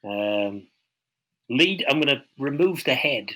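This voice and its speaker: A man at a tabletop game, talking in character with a brash, profane, combative edge. His voice is bright and forceful at a middling pitch. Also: animated, takes it slowly, low-quality recording. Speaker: player.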